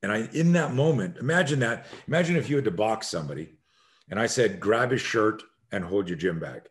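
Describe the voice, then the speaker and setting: Low-voiced man telling a lively story. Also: a little fast. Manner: acts out quoted voices, swings loud and soft. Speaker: self-defense instructor, podcast guest. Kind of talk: animated storytelling in a podcast interview.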